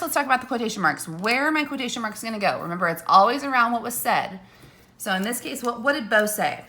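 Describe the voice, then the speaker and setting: A woman teacher explains a lesson to young students in a bright, clear voice. She goes slowly and patiently, checking in with "okay?" and "right?" after each step. She turns away at times to write on a board, so her voice moves off the mic. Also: fairly high pitch.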